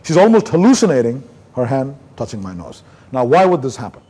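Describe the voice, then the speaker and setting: Speaking a little fast in a medium-pitched voice with a breathy edge, a man from India presents at a neurology conference. He relates patient cases vividly, performing both sides of the doctor-patient exchanges.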